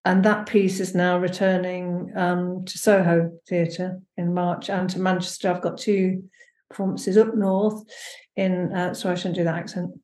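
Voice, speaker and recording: Casting: lower-pitched woman guest, halting and thoughtful, recorded in a roomy space. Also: level tone, darkish tone. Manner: hesitant, searching for words, many fillers. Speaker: guest, performance maker. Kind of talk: casual conversation. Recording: echoey room.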